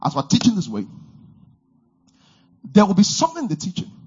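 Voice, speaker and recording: A male preacher delivering a fervent sermon, repeating lines and swinging between shouted declarations and low murmurs. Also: huge pitch swings, brisk, breathy edge, muffled recording.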